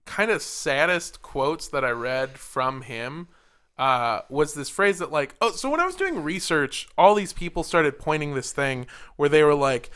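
Male co-host, rambling and profane, bright slightly high voice. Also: expressive, unhurried, clear, resonant tone. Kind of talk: casual comedic chat.

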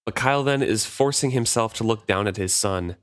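A man co-hosting a book podcast, reading passages aloud and talking them over in a relaxed way. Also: lowish voice, brisk, dry recording, studio quality. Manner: relaxed, thinks aloud with restarts. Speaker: podcast co-host. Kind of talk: casual book discussion and read-aloud.

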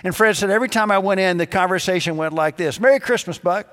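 A pastor delivering a sermon, telling stories and acting out the dialogue in different voices. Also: male voice, high voice, quick pace, bright, forceful tone, big-room sound. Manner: storytelling, acts out dialogue in quoted voices.

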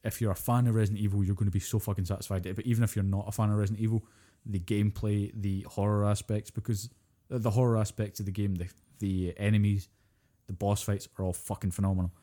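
Fast-talking man, deep and mellow. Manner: animated storyteller, swears freely, acts out quotes. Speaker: podcast co-host. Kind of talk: casual chat about video games.

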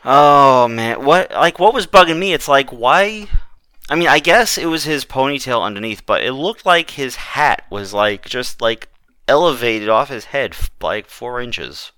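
Bright-voiced man, casual podcast chat. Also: mid-range voice, animated, measured pace, smooth, no room sound, studio quality. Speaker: podcast co-host.

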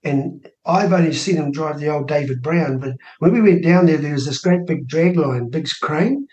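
Guest: New Zealand man in his sixties, fairly high voice, spins animated anecdotes, roomy studio sound. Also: normal speed, dull audio. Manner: acts out quoted dialogue with lively rising voice. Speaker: interview guest, minor party co-leader. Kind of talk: animated personal storytelling.

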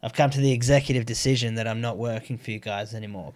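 A man's voice: lowish voice, fairly even intonation, quick pace, few pauses. Sweary laid-back Australian man. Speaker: stand-up comedian, podcast guest. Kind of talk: casual chat.

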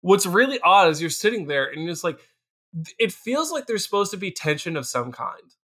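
A young man co-hosting a movie podcast with a bright, forceful voice that leaps up and down in pitch. He talks in animated, profane bursts, restarting sentences and slipping into exaggerated quoted voices. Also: normal speed, husky. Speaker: podcast co-host. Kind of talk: casual movie review chat.

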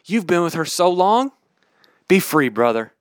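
A man voicing a smooth-talking pastor who soothingly approves of wrongdoing. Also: sits high, big pitch swings, unhurried, dry recording, clean studio sound. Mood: coaxing.

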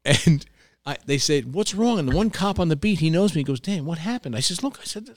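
A man's voice: a little high, a little fast, dry recording, clean studio sound. A man who owns a restaurant, telling stories in casual chat, acting out what people said and swearing freely. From New York. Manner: animated, profane storyteller acting out quotes. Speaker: restaurant owner, guest. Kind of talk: casual storytelling.

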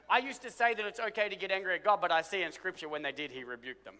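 Man, pastor preaching, high voice, swings from loud to hushed, long hall echo. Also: lively intonation, quick pace. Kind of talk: sermon.

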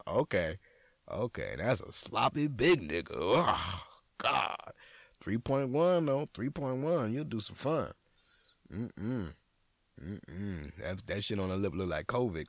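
A man hosting a podcast as a comedian, in a casual, profane monologue that jumps into high, excited outbursts. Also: no room sound.

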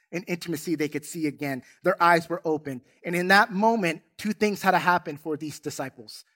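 A man's voice: a little high, a bit bright. Emphatic male pastor preaching a sermon. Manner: emphatic, storytelling. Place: church sanctuary.

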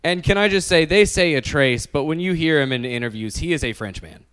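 A man's voice: on the high side, a little fast, clear, resonant tone. A man hosting a podcast, recounting a true-crime story with profane asides. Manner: profane, animated, cuts in with jokes. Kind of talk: storytelling with casual chat.

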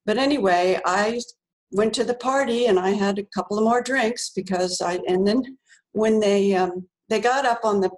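A middle-aged woman telling a personal story in a relaxed, chatty way, with lots of fillers, restarts and laughs. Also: mid-range voice, moderate pace, rough recording. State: tearful while remembering. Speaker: author, interview guest. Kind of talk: casual storytelling.

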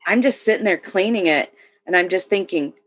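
A woman's voice: on the low side, fairly quick, breathy edge. Matter-of-fact woman veteran storyteller. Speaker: military veteran. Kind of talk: casual conversation.

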